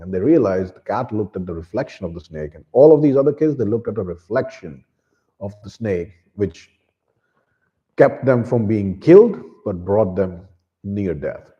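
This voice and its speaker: A man with a low, mellow voice retells a story's plot in a loose, rambling way, stopping to restart his sentences. The recording is dull and lo-fi. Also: expressive, moderate pace. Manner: rambling, with many restarts and fillers. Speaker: book reviewer.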